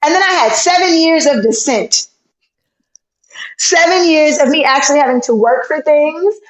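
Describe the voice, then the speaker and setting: A woman in her thirties, chatting as a guest and telling stories in an animated way, acting out the voices in her tales. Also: sits high, normal speed. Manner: animated storyteller, acts out voices in her tale. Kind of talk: casual chat. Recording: echoey, dull lo-fi sound.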